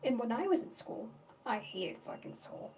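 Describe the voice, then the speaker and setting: A woman's voice: a little high, very animated, moderate pace, a little mellow. A young woman hosting a casual livestream, rambling and chatty, swearing freely and greeting her chat as she talks. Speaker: livestream host. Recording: distant mic with faint background noise.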